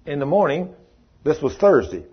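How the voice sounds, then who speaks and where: Man, preacher, husky, fairly high voice, folksy animated storytelling, dull lo-fi recording. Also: moderate pace. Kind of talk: storytelling sermon.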